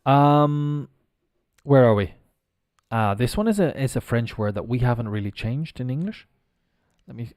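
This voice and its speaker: A man from Ireland teaching English on a live stream, who spells words out slowly letter by letter and explains how they are pronounced. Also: medium pitch, a little mellow, dry recording, studio quality. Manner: explains pronunciation while working on screen.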